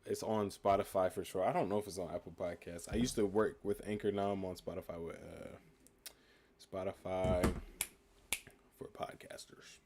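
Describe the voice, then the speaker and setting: On his livestream, a relaxed nineteen-year-old from the United States speaks in a low voice at normal speed, with a little hiss or hum. He reads comments from the chat out loud and responds to each as casual conversation.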